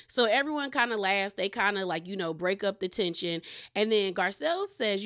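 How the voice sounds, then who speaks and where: A woman's voice: mid-range voice, animated, normal speed, a bit bright. A woman, recapping a reality show in casual, gossipy chat, full of "like" and "girl" asides. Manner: chatty, gossipy, frequent "like" and "girl".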